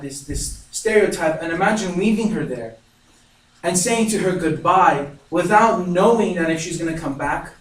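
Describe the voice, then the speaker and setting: A young man giving an earnest, emotional narrative speech, telling a personal story. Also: fairly high pitch. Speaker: student speaker. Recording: echoey room, mic far off, faint noise.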